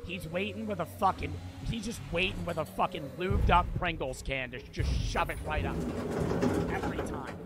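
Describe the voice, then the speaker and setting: A man's voice: a little high, normal speed, heavy background noise. Cursing, exasperated young male streamer. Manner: swears constantly, repeats himself, swings between muttering and shouting. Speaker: gaming streamer. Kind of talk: frustrated let's-play commentary.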